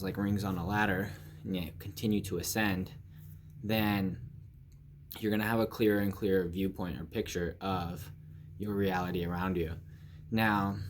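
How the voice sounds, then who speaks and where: Casual low-voiced man talking spirituality. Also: a little hiss or hum. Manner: loose, filler-heavy, acts out inner voices. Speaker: spiritual channel host.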